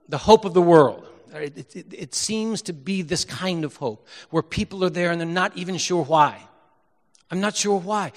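A middle-aged man preaching a reflective sermon in a church, with a somewhat high voice. He repeats phrases for weight and drops from loud emphasis to near-hushed asides. A long reverb hangs after his words. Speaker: pastor.

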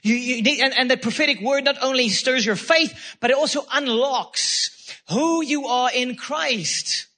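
A man's voice: very high-pitched, measured pace, sharp tone. A man preaching a sermon as pastor, fervent and repetitive, calling out praise between points. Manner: fervent preaching with repeated phrases and exclamations.

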